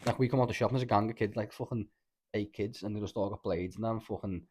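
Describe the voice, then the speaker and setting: A young man with a thick Scouse accent spins a rambling tale on a casual podcast. He talks very fast in a low voice, piling on slang and swearing as he goes. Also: husky. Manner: rambling, animated storytelling with lots of slang and swearing. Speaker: podcast host. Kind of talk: casual chat.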